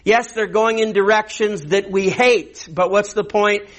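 A man's voice: high-pitched, steady tone, a little slow. A man preaching a verse-by-verse sermon in a conversational teaching manner, posing rhetorical questions. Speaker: pastor. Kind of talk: expository sermon.

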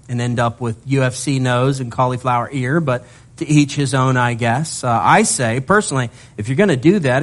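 Animated, joking male preacher. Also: medium pitch. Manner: animated, with humorous asides. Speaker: pastor. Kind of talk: sermon.

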